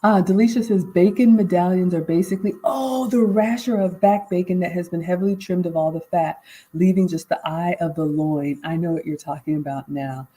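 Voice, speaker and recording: Warm, low-voiced woman hosting a live Q&A. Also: fairly quick, slightly rough, low-quality recording. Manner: reads viewer comments aloud and answers conversationally. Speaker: livestream host and life coach. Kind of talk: casual live Q&A chat.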